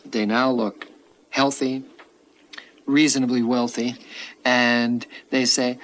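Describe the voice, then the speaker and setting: A man's voice: medium pitch, slow pace, fairly bright tone, a little hiss or hum, low-quality recording. A man giving a thoughtful, hedging answer in a documentary interview. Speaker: interviewed expert.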